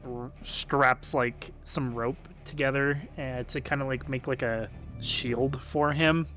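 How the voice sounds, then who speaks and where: A man's voice: mid-range voice, fairly even intonation, slow, pushed and bright. A man plays a tabletop game in an ordinary mid-range voice. He hesitates often and strings his lines together with fillers. Faint music runs in the background. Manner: hesitant, filler-laden, laughs easily. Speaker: player.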